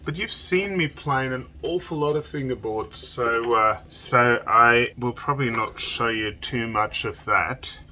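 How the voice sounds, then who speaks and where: Bright-voiced man, chatty workshop vlogger. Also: fairly low pitch, a little hiss or hum. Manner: chatty, rambling, jokey. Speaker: violin maker. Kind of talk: casual workshop vlog narration. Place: indoor violin workshop.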